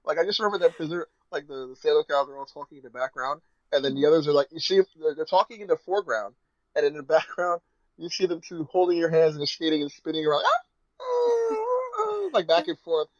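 A man in casual chat, animated and laughing often, breaking into high squealing imitations. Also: fast talker, no room sound, muffled recording.

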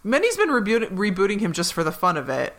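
Woman podcast co-host, forceful bright voice, animated casual recapper who acts out the characters' lines. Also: medium pitch. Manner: animated, quotes characters in quick put-on voices. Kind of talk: casual episode recap chat.

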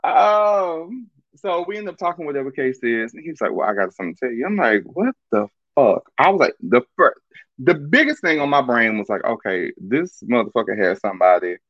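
A man tells a story in a lively, swooping voice, full of slang, swearing and frequent laughter. The recording is dry and a little muffled. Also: mid-range voice, brisk, dry recording. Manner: animated, profane, laughs often. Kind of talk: casual storytelling monologue.

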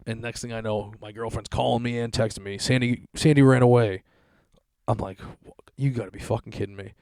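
A man's voice: fairly low pitch, darkish tone, no echo, studio quality. A man telling a long story in a casual, profane, rambling way.

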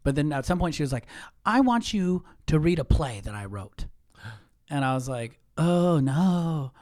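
A man hosting a podcast in casual chat, telling stories with lively mimicked voices. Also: a little high, moderate pace, dry recording, clean studio sound. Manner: animated storyteller, mimics voices in quotes. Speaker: podcast host.

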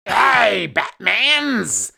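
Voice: medium pitch, sing-song, very slow, gravelly, sharp tone, slightly rough, voice pushed up, full character voice. A podcaster hamming up the Joker, cackling and swooning. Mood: giddy. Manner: over-the-top, swooning, laughing. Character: giddy cackling villain clown, male.

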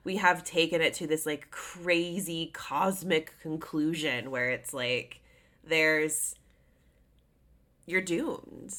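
A woman's voice: sits low, fairly even intonation, slow, sharp tone. A woman co-hosting a podcast, chatting animatedly with lots of "like". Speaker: podcast co-host. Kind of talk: casual chat.

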